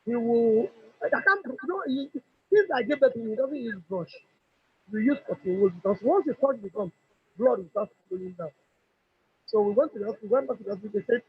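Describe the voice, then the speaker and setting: A middle-aged woman with a Nigerian English accent gives an emotional product testimony as a customer, speaking fairly quickly in a husky, high-leaning voice with no echo. She's an animated storyteller who acts out what others said. The recording is dull and lo-fi.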